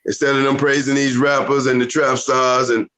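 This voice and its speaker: A man co-hosting a casual podcast chat, telling stories in an animated, lecturing way. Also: medium pitch, normal speed, low-quality recording. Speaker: podcast co-host.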